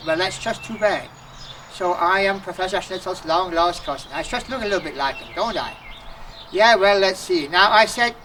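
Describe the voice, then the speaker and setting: A man's voice: high-pitched, background noise. Man doing a folksy comic routine at an outdoor festival, faint crowd-area ambience behind. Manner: folksy, joking storyteller mixing in dialect phrases. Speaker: festival entertainer. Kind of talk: comic stage monologue. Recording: distant outdoor festival recording.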